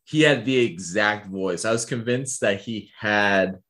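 A man's voice: lowish voice, measured pace, fairly bright tone. A man, a physical therapist co-hosting a podcast, telling work stories in a rambling casual way with many fillers. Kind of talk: casual storytelling chat.

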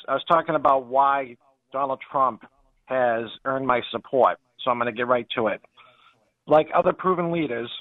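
A man with a Boston accent calling in to a radio show, making his case earnestly with halting restarts. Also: medium pitch, dry recording. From New Hampshire. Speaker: caller. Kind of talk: call-in radio talk. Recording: dull phone-line call audio.

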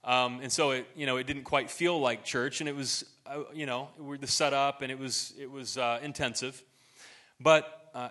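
Male pastor, middle-aged, mid-pitched and bright, casual earnest sermon. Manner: conversational, earnest, halting with many restarts.

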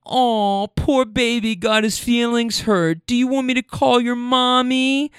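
A condescending fifty-year-old woman, as a man puts her on, drawling slow, high, sing-song baby talk. Taunting and smug, set a good stretch above his own register. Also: a bit bright, clear, resonant tone, no echo, studio quality. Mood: mocking.

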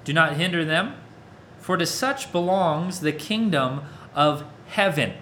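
A male preacher with a slightly high voice and a casual, chatty delivery, who keeps asking his listeners to respond. A faint hiss sits under his voice. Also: expressive, a little slow, bright, forceful tone. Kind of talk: interactive sermon.

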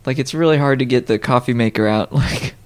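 A man's voice: medium pitch, a little fast. A man co-hosting a podcast, chatting casually with a joking manner. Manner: joking, laughs a lot. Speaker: podcast co-host. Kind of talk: casual chat.

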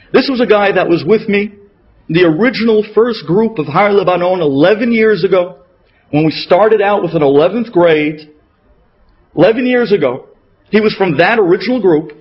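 A rabbi delivers a sermon as an emotional story, his dramatic delivery swinging between loud peaks and hushed moments. His voice is high-pitched and husky, captured on a dull lo-fi radio recording.

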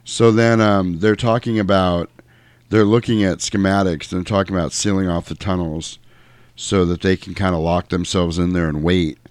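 Low-voiced man recapping a film. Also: normal speed, no room sound. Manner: animated, acts out quotes. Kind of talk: casual film recap chat.

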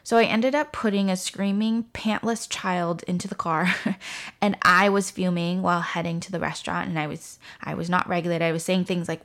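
A woman in her thirties hosting a parenting podcast, calmly telling a story and acting out the dialogue. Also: lowish voice, moderate pace. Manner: calm, storytelling with quoted dialogue. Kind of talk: instructive parenting talk.

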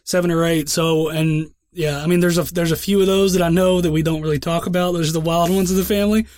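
A man's voice: fairly high pitch, steady tone, fast talker, a loud crowd. A young man co-hosting a podcast, telling rambling stories in casual chat with heavy swearing. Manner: profane, rambling storyteller. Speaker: podcast co-host.

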